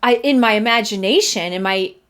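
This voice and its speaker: A woman's voice: medium pitch, fairly quick, fairly bright tone. A woman in her thirties hosting a singing lesson podcast, chatting casually and breaking into short sung vocal examples. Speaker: voice teacher and podcast host. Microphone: studio mic.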